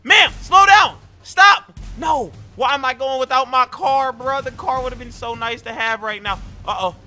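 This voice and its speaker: A man giving excitable, slangy role-play game commentary who often breaks into shouts. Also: extremely high pitch, brisk, faint music behind. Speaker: gaming YouTuber.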